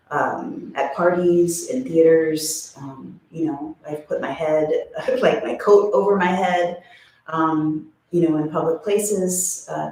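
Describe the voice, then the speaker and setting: A woman yoga teacher giving an unhurried instructional meditation talk, with frequent ums and pauses. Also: deep voice, a little mellow, a little hiss or hum. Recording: very echoey room, voice from a distance.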